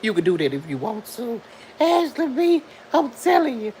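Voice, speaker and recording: Animated woman chatting live with viewers. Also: on the high side, normal speed, slight background noise, low-quality recording. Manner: animated, talks back to commenters, laughs often. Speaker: live stream host. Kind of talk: casual live chat reading comments.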